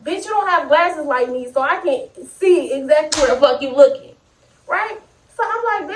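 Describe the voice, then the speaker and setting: High-voiced woman in a roomy room. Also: normal speed. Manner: animated, profane, talks to viewers directly. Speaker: vlogger. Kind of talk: casual storytime. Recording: roomy sound, distant mic.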